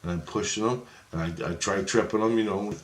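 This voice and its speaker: Low-voiced man rambling in an echoey room. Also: brisk, slight background noise. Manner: profane, repeats phrases, acts out his own quotes. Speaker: paranormal vlogger. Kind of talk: casual rambling monologue. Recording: echoey room with faint ambience.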